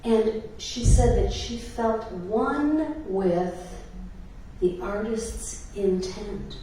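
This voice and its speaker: A woman's voice: mid-range voice, lively intonation, drawn-out words, dark tone, a little hiss or hum. A woman minister giving a sermon in a church, telling stories with laughs and filler words. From Ireland. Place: church sanctuary. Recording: echoey church hall from a distance.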